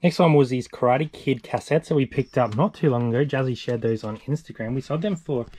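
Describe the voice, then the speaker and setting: A man's voice: medium pitch, fairly quick, dark tone, husky. A young Australian man co-hosting a reselling vlog, chatting matter-of-factly through items and prices. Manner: chatty, matter-of-fact listing of sales. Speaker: eBay reseller co-host. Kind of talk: casual vlog walkthrough.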